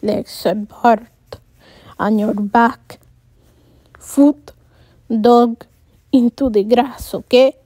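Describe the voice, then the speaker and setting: A woman's voice: sits high, darkish tone, no echo. A woman voicing a friendly young man who patiently gives batting instructions in a storybook reading. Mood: instructive. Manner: patient, slow step-by-step instructions.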